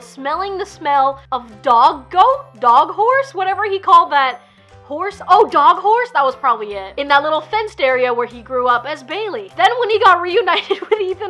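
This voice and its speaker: A woman's voice: sits high, pushed and bright. A woman vlogging to camera, teary and close to crying, gushing emotionally and laughing through her tears. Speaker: YouTuber reviewing a film. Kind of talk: casual vlog talk to camera.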